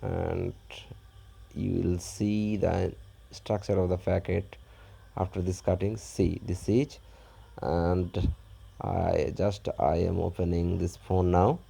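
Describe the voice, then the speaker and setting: A man narrating an unboxing step by step in a halting, plain way. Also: low-pitched, steady tone, gravelly, dark tone, breathy edge. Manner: halting, plain, describes each step as he does it. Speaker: unboxing vlogger.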